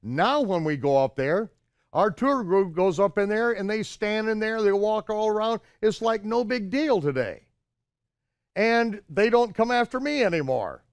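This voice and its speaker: An older man telling a personal story in an animated way, acting out the shouted exchanges in a higher voice. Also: a little slow, clean tone, no echo, studio quality. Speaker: storyteller recounting his own travels. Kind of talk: anecdotal storytelling.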